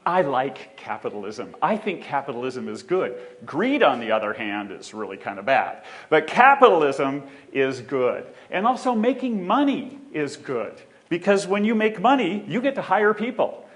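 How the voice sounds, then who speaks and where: A man's voice: fairly high pitch, moderate pace, hardly any pauses. A man giving a conference talk on a theater stage, joking with the audience and walking as he speaks. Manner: joking, animated, walks while speaking.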